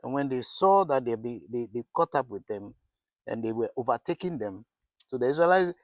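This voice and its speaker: A middle-aged man preaches a sermon with a voice of middling pitch. He asks his listeners questions and often stumbles and restarts mid-phrase. The sound is dry and close, with no room around him. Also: no echo. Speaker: pastor.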